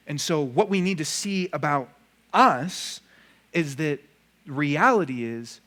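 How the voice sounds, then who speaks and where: A pastor speaking to his congregation in a church room, his voice sitting a little high for a man. He preaches in an easy conversational way, tossing in rhetorical questions and quick asides. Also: a bit bright. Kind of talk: sermon.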